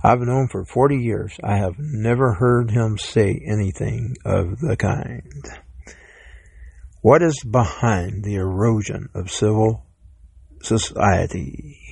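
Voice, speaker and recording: A man hosts a solo podcast, reading news headlines and rambling between them. His voice is low and gravelly. He often stumbles and restarts words. The sound is dry and close. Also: darkish tone, dry recording. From Georgia, US South. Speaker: podcast host.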